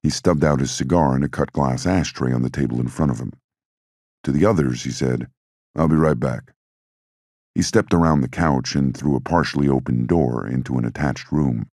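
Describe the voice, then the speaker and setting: Very deep gravelly male audiobook narrator. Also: fairly quick, a little mellow, no echo, clean studio sound.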